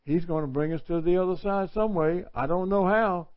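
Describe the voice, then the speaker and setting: A man's voice: high voice, brisk. A male preacher giving an earnest, conversational sermon full of rhetorical questions. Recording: dull lo-fi recording.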